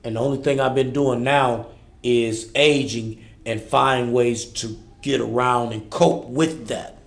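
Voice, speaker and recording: A man's voice: medium pitch, fairly even intonation, unhurried, gravelly. A man in his forties, a podcast guest, telling a raw, intense personal story in blunt street-inflected speech. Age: 40s. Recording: echoey room.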